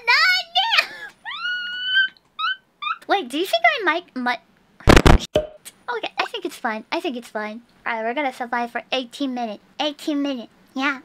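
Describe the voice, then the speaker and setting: A young woman streams a horror game with live commentary, her high voice swinging widely in pitch at a normal speed over heavy background noise. She's jumpy, lurching from whispers to shrieks, and slips Japanese words into her speech.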